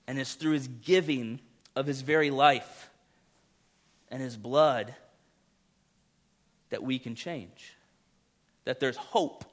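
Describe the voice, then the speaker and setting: A man preaching a sermon as pastor, earnest, rising to loud emphasis and dropping to quiet, intimate lines. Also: mid-range voice.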